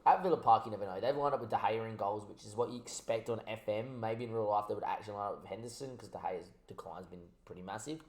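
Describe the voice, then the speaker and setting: A man giving casual commentary on his football management game, a little tipsy from wine, switching between excitable mock match calls and chatty asides. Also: lowish voice, quick pace, hardly any pauses.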